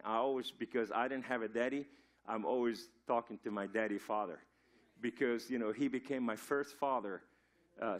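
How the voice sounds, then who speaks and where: A man from Lebanon, a guest preacher, giving a sermon in a church in a loose storytelling way, with frequent restarts. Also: medium pitch. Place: church sanctuary.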